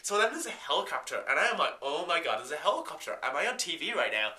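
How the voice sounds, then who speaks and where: A man's voice: a little high, big pitch swings, fast, pushed and bright, echoey room, heavily acted. A man voicing a ditzy valley-girl woman who tells a wild car chase in breathless chatter full of "like" and "oh my God", in a comedy sketch. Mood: gushing.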